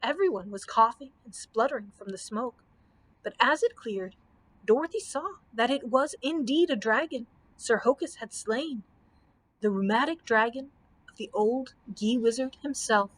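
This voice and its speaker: A woman's voice: a little high, moderate pace, rough recording. A woman librarian reading a children's book aloud, telling it expressively. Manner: expressive storytelling.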